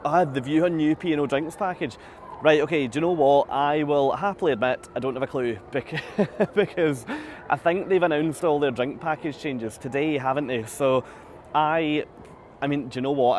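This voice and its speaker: A man's voice: medium pitch, a little hiss or hum. Chatty man vlogging on a ship deck. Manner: chatty, self-deprecating, laughs often, many restarts. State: slightly out of breath. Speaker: cruise vlogger. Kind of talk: live-streamed walking vlog, answering viewer comments. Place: outdoor upper deck of a cruise ship. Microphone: phone camera held at arm's length.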